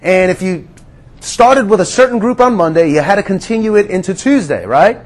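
A man preaching with a high voice, earnest and conversational, talking to his listeners as friends. He sinks to a near whisper on the quiet lines and then lifts his voice again to stress a point. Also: expressive, fairly quick. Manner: earnest, drops to a hush on quiet words. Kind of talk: sermon.

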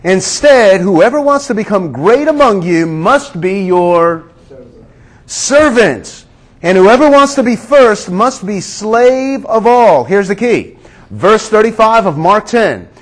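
A man's voice: sits high, expressive, takes it slowly, rough recording. A male preacher giving a sermon, emphatic, repeating key lines and asking for amens.

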